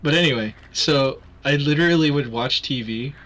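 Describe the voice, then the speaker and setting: A man's voice: mid-range voice, moderate pace, a bit bright. A young man from Canada, his accent mostly Americanized, chatting casually on a livestream and rambling with many fillers and restarts. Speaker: livestream host. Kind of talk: casual chat.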